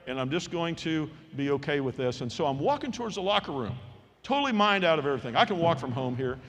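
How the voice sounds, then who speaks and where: A man in his sixties speaks from a ceremony stage, telling stories in a folksy, animated way and voicing the people he quotes. His voice sits a little high for a man. A long reverb trails his words through the large hall. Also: fast talker. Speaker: commencement speaker. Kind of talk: storytelling speech.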